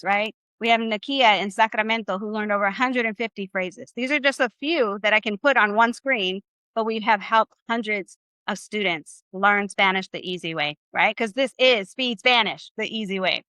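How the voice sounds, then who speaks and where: A woman's voice: mid-range voice, sharp tone, clean tone, dry recording. A woman teaching a live online Spanish class over a video call. She is upbeat and encouraging, and she mixes casual slang into her teaching.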